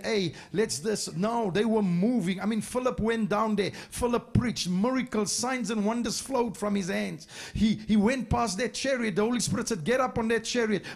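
High-voiced gravelly preacher man. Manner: emphatic storytelling with repeated phrases. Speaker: pastor. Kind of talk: sermon. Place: church.

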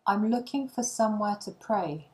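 A woman reading short English phrases one at a time for language learners, with pauses between them. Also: medium pitch, darkish tone.

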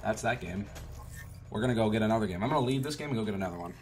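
A man giving profane, trash-talking commentary over a shooter game, with sudden loud outbursts. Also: fairly low pitch, animated, very fast, faint music behind. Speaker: gaming YouTuber. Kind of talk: gameplay commentary.

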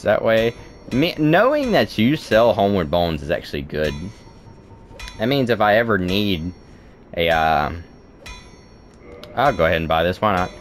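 Excitable young man talking to a game. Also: low-pitched. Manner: talks to the game, playful and excitable, yelps. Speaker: gaming video host. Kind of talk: let's play commentary.

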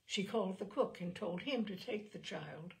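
A woman's voice: medium pitch, moderate pace, creaky, natural voice. Woman reading as a cold, unrepentant young widow. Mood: coolly recounting. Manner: matter-of-fact, unrepentant telling.

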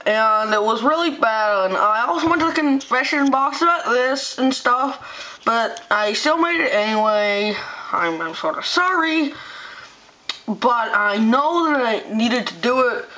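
A woman with a high, piercingly bright voice rants to the camera. Her delivery stumbles and circles back on itself. She keeps a tone of wide-eyed, earnest indignation throughout. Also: lively intonation, a little slow, slight background noise, poor audio. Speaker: channel host. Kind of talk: comedic rant to camera.

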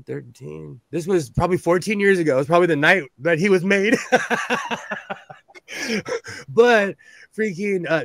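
Laughing, rambling man with a higher voice. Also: vocal fry, a bit bright, no echo. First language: English. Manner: rambling, self-mocking, laughs often. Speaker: co-host. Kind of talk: casual chat.

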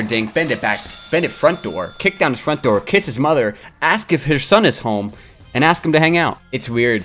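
Young guy streaming a game, crude trash talk, voice jumps all over from mutters to yells. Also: medium pitch. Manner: excitable, crude trash-talking, yelling at the game. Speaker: gaming streamer. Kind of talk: live gameplay commentary.

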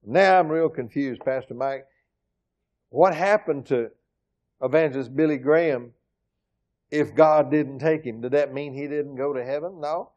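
Emphatic preaching man, fairly high voice. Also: unhurried, long pauses, highs cut off. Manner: emphatic, swings between loud exclaims and quiet asides. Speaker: pastor. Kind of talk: sermon. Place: church sanctuary.

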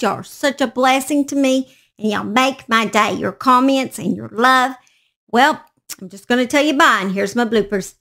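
A woman, hosting a true crime channel in a chatty, gushing way and talking straight to her viewers. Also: fairly high pitch. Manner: warm-hearted, gushing, talks to viewers directly. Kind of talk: casual chatty vlog.

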